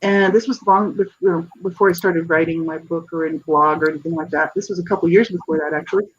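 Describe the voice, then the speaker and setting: Dull audio carries a fast-talking, fairly low, breathy voice with fairly even intonation. The speaker, an author and advocate in her fifties, is a radio interview guest earnestly recounting her personal story, restarting often and saying "you know, right?"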